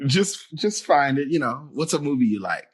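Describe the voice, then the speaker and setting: A male podcast host with a husky voice and a very lively pitch. He chats playfully, laughs often, and repeats words as he winds up. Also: normal speed. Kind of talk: casual chat.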